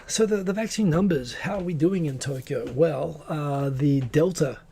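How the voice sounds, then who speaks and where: A man's voice: a little high, normal speed, vocal fry, dark tone, slight background noise. A man hosting a live stream, chatting casually and rambling as he greets viewers by name. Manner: rambling, reads viewer names aloud.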